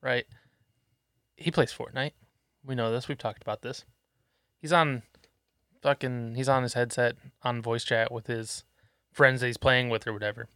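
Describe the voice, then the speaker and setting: Regular-pitched guy ranting about parenting, swears nonstop, dry close mic. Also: fairly even intonation, normal speed, long pauses, pushed and bright, clear, resonant tone, dry recording. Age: adult parent. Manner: blunt, swears a lot, acts out scolding his son. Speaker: podcast co-host. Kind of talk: casual profane chat.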